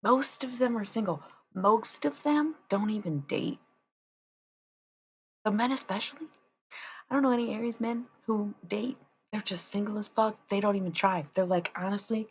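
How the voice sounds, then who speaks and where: A woman's voice: mid-range voice, moderate pace, a little hiss or hum. A woman in her thirties chatting casually and profanely on a tarot livestream. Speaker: tarot-reading streamer.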